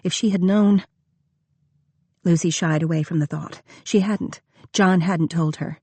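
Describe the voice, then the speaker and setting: A woman narrating an audiobook in a measured, expressive reading. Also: fairly low pitch, breathy edge, no room sound. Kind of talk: scripted narration.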